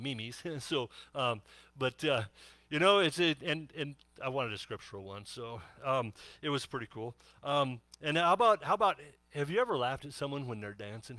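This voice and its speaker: A man's voice: mid-range voice, bright, forceful tone, no echo. A middle-aged man preaching a sermon, telling jokes and laughing often in a chatty way. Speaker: pastor.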